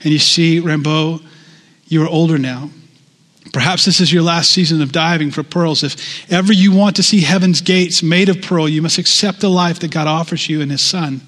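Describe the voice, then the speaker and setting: Man reading insistent missionary, urgent pleading, higher pitch, echoing church. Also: steady tone, normal speed, fairly bright tone, lightly acted.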